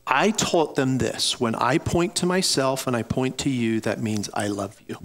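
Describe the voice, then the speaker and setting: A middle-aged man preaching a sermon, telling a personal story in an earnest way and speaking directly to his congregation. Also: mid-range voice. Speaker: pastor.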